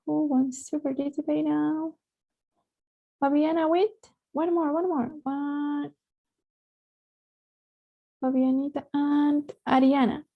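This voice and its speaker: High-voiced teacher with a gravelly edge. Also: female voice, little pitch movement, slow pace, long pauses, narrow, tinny audio. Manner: switches between English and Spanish, coaxing students with frequent "right?". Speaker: English teacher. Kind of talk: online class teaching.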